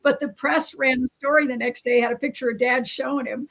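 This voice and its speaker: A woman telling family stories in a relaxed chat, animated and acting out the people she quotes. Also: high voice, brisk, vocal fry. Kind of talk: casual storytelling.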